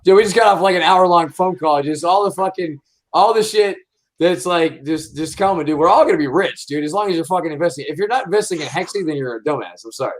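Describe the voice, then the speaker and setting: Male livestream host, slightly high voice, excitable, rambling, heavy profanity. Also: fast talker. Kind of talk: casual livestream chat.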